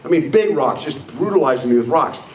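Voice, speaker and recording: A man's voice: on the high side, lively intonation, brisk, darkish tone. A man in his sixties giving a motivational speech to a live audience, blunt and emphatic. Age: 60s. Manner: blunt, emphatic, repeating "I don't care" and "you know what?". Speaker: motivational speaker. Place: meeting room with an audience. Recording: echoey room, voice far from the mic.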